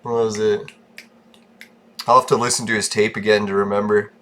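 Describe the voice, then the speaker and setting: A man's voice: on the low side, flat delivery, normal speed, fairly bright tone. Loose, swearing man chatting casually. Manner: swears freely, laughs often, loose and chatty. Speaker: gaming channel host. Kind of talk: casual rambling chat.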